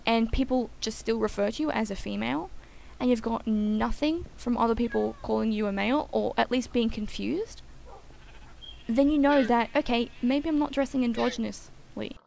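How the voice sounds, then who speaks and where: A woman's voice: a little high, moderate pace, vocal fry, darkish tone, slight background noise, poor audio. A young woman in casual chat while gaming, rambling and opinionated, full of "like" and "um". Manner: chatty and rambling, frequent "like" and "um"; blunt and opinionated. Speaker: gaming channel co-host.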